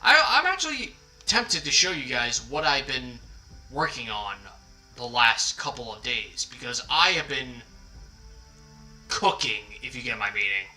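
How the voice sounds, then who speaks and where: A man hosts a laid-back livestream and chats at an unhurried pace, rambling, apologizing and poking fun at himself. His voice is very bright and forward. Quiet background music plays under him. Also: mid-range voice, big pitch swings, low-quality recording. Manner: rambling, apologetic, self-deprecating. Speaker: livestream host. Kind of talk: casual livestream chat.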